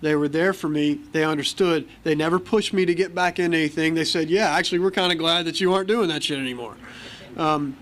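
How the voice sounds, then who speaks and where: A man's voice: on the high side, quick pace, fairly bright tone. An American man speaking at a recovery meeting, telling his story candidly and acting out the voices of people in it. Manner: candid storytelling, acts out quoted dialogue. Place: meeting hall.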